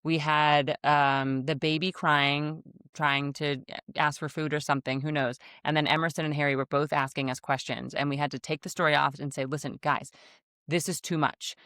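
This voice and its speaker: A woman's voice: deep voice, little pitch movement, moderate pace, a bit bright, clear, resonant tone, dry recording, clean studio sound. A woman in her thirties co-hosting a podcast, telling easygoing stories in casual chat from her desk microphone. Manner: chatty storyteller, easygoing. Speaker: podcast co-host. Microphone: desk microphone in front of her.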